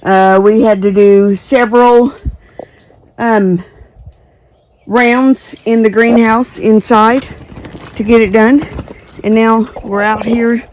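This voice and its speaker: A woman's voice: fairly high pitch, steady tone, darkish tone, a little hiss or hum. A woman vlogging outdoors in her garden, talking casually with lots of ums and uhs. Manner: unhurried, many ums and uhs. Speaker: homesteading vlogger.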